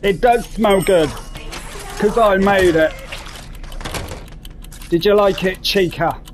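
A man's voice: sits high, slow, soft background music. A man giving casual, sweary commentary while playing a VR game and talking to himself. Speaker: gaming commentator. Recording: clear background noise.

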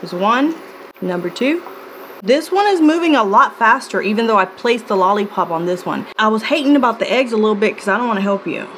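A woman's voice: medium pitch, a little fast, a little hiss or hum. A woman with a put-on American country twang, reviewing cookware in a jokey, chatty way at a home kitchen counter. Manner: jokey, animated, laughing asides. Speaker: product reviewer vlogger. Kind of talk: casual chatty product test.

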